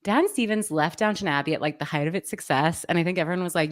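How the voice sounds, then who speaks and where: A woman's voice: fairly low pitch, big pitch swings, fast talker, hardly any pauses. A woman co-hosting a pop culture podcast in casual chat, rambling through her thoughts and laughing often. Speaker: podcast co-host.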